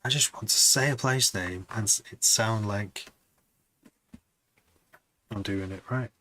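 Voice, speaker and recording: A man's voice: on the low side, measured pace, sharp tone, slight background noise. A man producing music on a live stream, chatting to viewers in a rambling, casual way.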